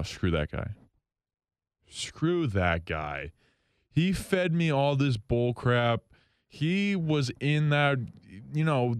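A man hosting a solo hockey talk show from a station studio, rambling, excitable and jokingly bitter. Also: fairly low pitch, clear, resonant tone, no room sound. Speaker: hockey podcast host.

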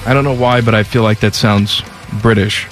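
A man's voice: on the low side, fairly even intonation, normal speed, soft background music. Wisecracking man in his forties. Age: 40s. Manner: wisecracking, irreverent. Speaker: sports radio host. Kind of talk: casual radio banter. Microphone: studio microphone.

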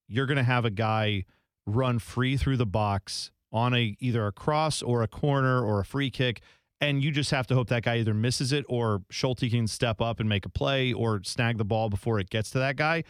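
Animated man in dry podcast chat. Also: normal speed, clear, resonant tone, dry recording. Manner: animated, mimics announcers in high exaggerated bursts. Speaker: podcast co-host. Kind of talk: casual sports chat.

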